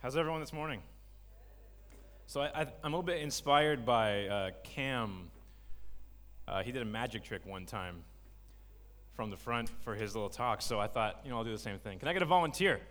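A man's voice: medium pitch, moderate pace. Guy in his 30s preaching casual and jokey, church hall reverb all over it. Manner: conversational, jokey, animated storytelling. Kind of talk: casual sermon to a congregation. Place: church sanctuary.

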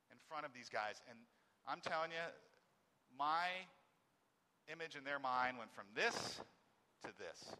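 A man in his forties giving a personal testimony. He swings between loud emphasis and very quiet, halting speech. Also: a little high, big-room sound, slight background noise. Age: 40s.

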